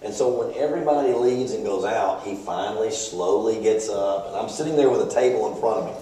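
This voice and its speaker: A man giving a humorous talk, telling anecdotes and acting out the voices of the people in them. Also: lowish voice. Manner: animated, acts out quoted voices in anecdotes. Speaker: speaker. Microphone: handheld video camera across the room. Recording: echoey room, distant camera mic.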